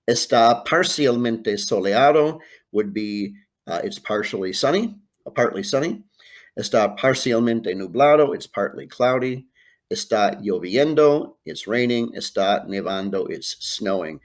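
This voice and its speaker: An American Spanish teacher with a fairly low, lively voice walks students through a worksheet in a screencast lesson, speaking a little slowly at a plain explaining pace. He says "uh" often and reads Spanish phrases aloud, with art prints visible behind him at home or in a classroom.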